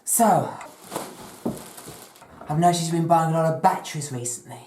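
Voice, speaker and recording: A woman's voice: low voice, moderate pace, slight background noise, natural voice. A woman playing a prying, fussy mum. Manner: prying, gently persistent, calls her child lovey. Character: nosy, fussing mother. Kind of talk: comedy sketch acting.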